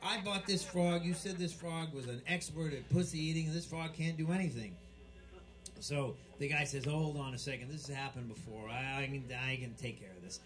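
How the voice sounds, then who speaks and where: A man's voice: fairly high pitch, a little fast, a bit bright. A man telling crude jokes on stage at a bar, rambling, restarting and bickering with the crowd. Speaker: stand-up comic at a bar show. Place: bar with live band setup.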